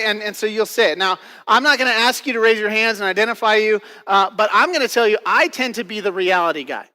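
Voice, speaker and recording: High-voiced, bright-toned male pastor. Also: in a large hall. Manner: casual, filler-heavy, keeps asking "right?". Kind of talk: conversational sermon. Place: church auditorium.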